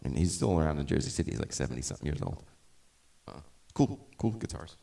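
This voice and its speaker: A middle-aged man with a very low voice talks casually between songs on a live stream. He rambles, restarts his sentences and drifts off on tangents. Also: sing-song, fast, creaky, warm tone. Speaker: musician and live-stream host.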